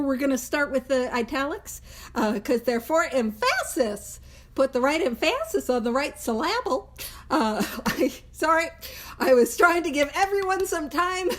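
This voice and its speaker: High-voiced woman leading a lively study talk. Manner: laughs often, emphatic and conversational. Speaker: Big Book study leader. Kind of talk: casual teaching talk.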